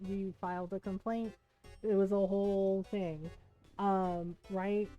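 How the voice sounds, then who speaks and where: A woman streamer telling a personal story in casual chat, full of "right?" and "like", acting out the people she quotes. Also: mid-range voice. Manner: animated retelling, acts out quoted people; many fillers like 'right?' and 'like'.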